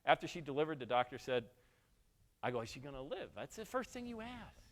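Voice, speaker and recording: A somewhat high-voiced, brisk motivational speaker in his forties, from Western New York, tells a personal story in a keynote at an event hall. His sound trails off in a long reverb, and he keeps things animated with joking remarks to the audience.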